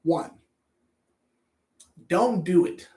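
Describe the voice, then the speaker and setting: A man's voice: sits high, extremely slow, dark tone. A man coaching anger management in a blunt, profane self-help talk, often repeating words as he thinks. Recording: roomy echo.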